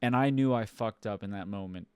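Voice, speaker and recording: A man's voice: on the low side, a little fast, clean tone, no echo. A young man from Ohio, co-hosting a podcast and telling a story in an exasperated, swearing, casual way. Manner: swears a lot, animated and exasperated. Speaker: podcast co-host.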